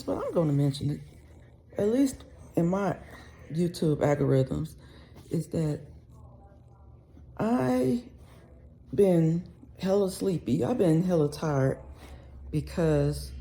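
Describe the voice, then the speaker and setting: A woman's voice: lowish voice, mellow, slight background noise. A woman vlogger talking casually from home, rambling in a conversational way with slang. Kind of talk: casual chat to camera.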